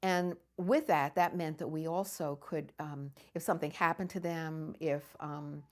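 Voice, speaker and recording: An older woman from the United States, recounting memories in an interview with lively storytelling and frequent laughter. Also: deep voice, measured pace. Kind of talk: oral history storytelling.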